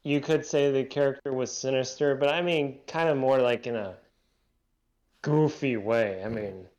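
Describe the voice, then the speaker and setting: A man's voice: medium pitch, normal speed, darkish tone, muffled recording. A man co-hosting a casual movie podcast, laid-back and hesitant, with lots of "I mean" fillers. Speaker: podcast co-host. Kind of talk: casual chat about movies.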